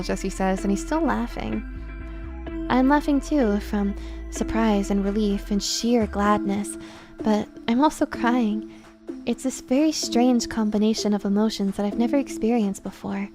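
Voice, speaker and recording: A woman's voice: medium pitch, moderate pace, over music. A young woman streamer reading a visual novel aloud, narrating expressively with dry asides.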